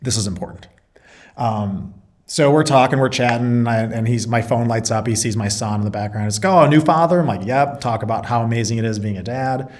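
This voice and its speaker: A man's voice: mid-range voice, fairly even intonation, brisk, a little mellow. A man being interviewed, a Marine reservist and business owner, telling a story in casual chat and acting out both sides of the dialogue.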